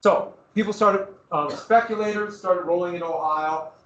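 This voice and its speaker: A man teaching history to a class, his voice raised a little higher than most men's. He keeps quizzing the students and then supplies the answers himself. The recording catches him from across an echoey classroom. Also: moderate pace, fairly bright tone, lo-fi sound, slight background noise. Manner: asks the class questions and answers them himself. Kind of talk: classroom lecture. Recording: roomy classroom recording from far off.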